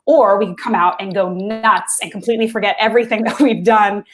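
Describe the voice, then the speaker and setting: Fast-talking chatty female co-host. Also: mid-range voice, steady tone. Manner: chatty, many "like" fillers. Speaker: podcast co-host. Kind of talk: casual podcast conversation.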